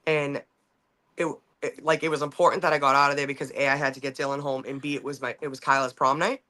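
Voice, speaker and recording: A woman's voice: extremely low pitch, little pitch movement, fast talker, sharp tone. A woman in her forties, a podcast host, telling a rambling, profane story in casual chat with many restarts.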